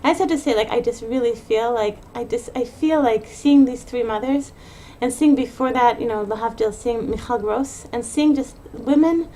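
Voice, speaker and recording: A woman's voice: fairly high pitch, mellow, a little hiss or hum. A woman hosting a pep talk for mothers, speaking earnestly off the cuff and often restarting her phrases. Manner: earnest, repeats and restarts phrases, rushes in bursts. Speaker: podcast host giving a pep talk to mothers. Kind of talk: unscripted monologue.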